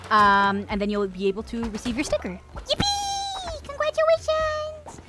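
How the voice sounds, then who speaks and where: A woman's voice: medium pitch, steady tone, a little fast, over music. A woman in her twenties streaming a game, chatting casually and swearing with her viewers. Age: 20s. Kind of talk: casual gaming stream chat.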